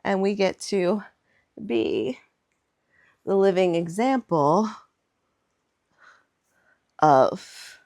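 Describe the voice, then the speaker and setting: Woman, hypnotherapist, slow pace, medium pitch, casual reflective vlog, spiritual, meandering. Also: animated, gravelly, a little mellow. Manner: meandering, spiritual, says "like" often.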